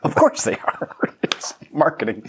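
A man's voice: a little slow, a bit bright. A man hosting a podcast, telling a rambling story in casual chat and laughing often along the way. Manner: loose, rambling storytelling with fillers. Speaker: podcast host.

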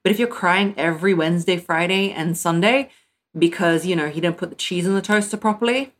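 A woman's voice: fairly low pitch, a little fast. Blunt, emphatic woman relationship coach. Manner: blunt, emphatic, addresses listeners as "my loves" and "girl". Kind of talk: direct-to-camera advice talk.

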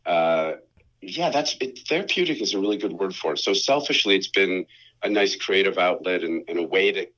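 Bright-toned, rambling man, self-deprecating. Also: low-pitched, expressive, normal speed, rough recording. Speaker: guest, actor and podcaster. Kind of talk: casual chat over a call.

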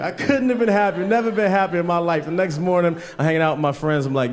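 Male stand-up comedian with a somewhat high voice, casual storytelling, swears freely. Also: normal speed, a little hiss or hum. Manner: loose storytelling, swears, acts out friends. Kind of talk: stand-up set. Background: audience laughter.

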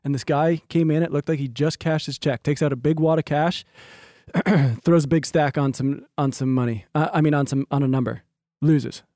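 A man's voice: on the high side, fairly even intonation, normal speed, mellow, dry recording, studio quality. A man co-hosting a podcast, telling rambling stories in casual chat and swearing freely. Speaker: podcast co-host.

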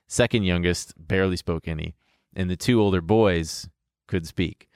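A young man casually telling a story in an animated way, laughing and swearing as he goes. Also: low voice, moderate pace, dry recording, studio quality.

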